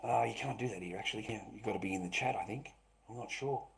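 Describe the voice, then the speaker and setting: A man hosting a live stream, rambling and swearing, who swings between loud outbursts and low muttering. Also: quick pace, vocal fry, slight background noise, rough recording. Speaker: livestream host.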